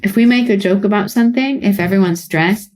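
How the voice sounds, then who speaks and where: A British woman with a British accent, a psychologist co-hosting a podcast, explaining calmly in relaxed conversation with light laughs. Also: mid-range voice, a little fast. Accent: British English. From Britain. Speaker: psychologist co-host.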